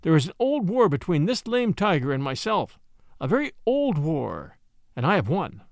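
A man's voice: a little high, very animated, normal speed, creaky, dry recording, clean studio sound. A man voicing a proud, defiant boy raised by wolves, speaking boldly and scornfully. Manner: bold, scornful.

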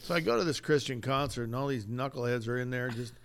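Talking fast in a mid-range voice, a man co-hosting a podcast tells a story conversationally, with slight background noise in the clip. He animates it by performing the voices of people he quotes.

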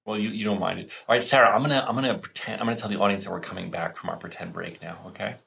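A man's voice: on the low side, fairly even intonation, very fast, vocal fry, a bit bright. A man co-hosting a podcast, casually recapping an episode and rambling with laughs. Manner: rambling, laughing, acting out scenes. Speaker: podcast co-host.

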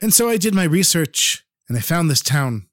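A man's voice: on the high side, very animated, moderate pace, fairly bright tone, no echo, clean studio sound. A man voicing a lonely middle-aged male Holocaust survivor, speaking with emotion and pleading. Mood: bitter.

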